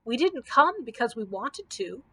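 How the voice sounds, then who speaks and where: A woman voicing a plucky, quick-witted young girl with a bright, lively delivery in a storybook reading. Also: on the high side, a little hiss or hum, heavily acted.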